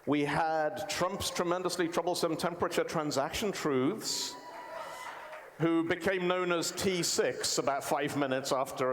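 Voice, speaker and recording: A man hosting a live awards show, announcing winners in a playful, quick-witted way. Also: on the high side. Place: large indoor museum event hall. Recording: echoey hall with faint noise.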